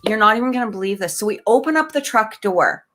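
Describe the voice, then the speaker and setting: A woman from Canada, co-hosting a podcast, tells a personal story in a lively, emotional way, full of restarts and fillers. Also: medium pitch, quick pace. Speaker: podcast co-host. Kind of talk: casual storytelling in an interview.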